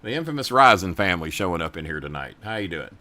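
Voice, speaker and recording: A man's voice: low-pitched, sing-song, fast, no room sound. A middle-aged man hosting a podcast, ranting with heavy profanity and chatting with viewers. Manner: angry, profane, loud, talks to chat viewers. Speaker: podcast host. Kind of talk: profane political rant and casual chat.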